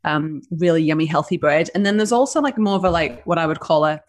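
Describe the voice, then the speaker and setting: Northern English woman, business founder guest, chatty and laughing, lower-pitched voice. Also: fast. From northern England. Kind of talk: casual interview chat.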